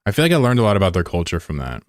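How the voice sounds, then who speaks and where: A man's voice: low voice, wildly swooping pitch, rapid-fire, no echo, clean studio sound. A man streaming his reaction to a video, making crude jokes in casual banter.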